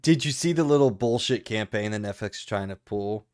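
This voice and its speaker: A man's voice: on the low side, a little fast, darkish tone, dry recording, studio quality. A man co-hosting a podcast, talking casually and animatedly, rambling with frequent laughs. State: hiccuping. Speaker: podcast co-host.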